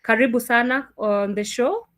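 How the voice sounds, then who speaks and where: A woman's voice: on the high side, a bit bright. A woman hosting a live radio talk show, speaking loosely and stopping often with fillers. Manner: loose, halting, with many fillers. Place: radio studio.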